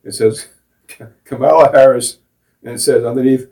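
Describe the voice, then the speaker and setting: A man's voice: medium pitch, fairly even intonation, normal speed, dark tone. A middle-aged man co-hosting a casual talk show, sarcastic and mocking, laughing at his own jokes. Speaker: co-host. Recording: voice from a distance off the mic.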